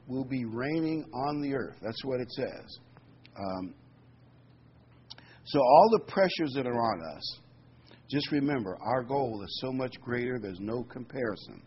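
A man preaching a sermon, reading scripture with rising emphasis and adding folksy, conversational asides full of fillers. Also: mid-range voice. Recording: slightly dull, faintly noisy recording.

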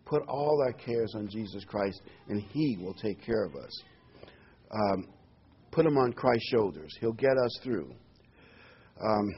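On a dull lo-fi recording, a man with a medium-pitched, slightly rough voice delivers a sermon. He is earnest and emphatic, repeating key words and now and then saying um.

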